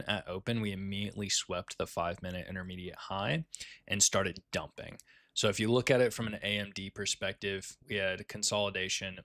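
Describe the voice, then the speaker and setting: A man's voice: low voice, bright, forceful tone, no room sound. A man giving casual live commentary on his day trades, laid-back and swearing freely as he talks with fellow traders.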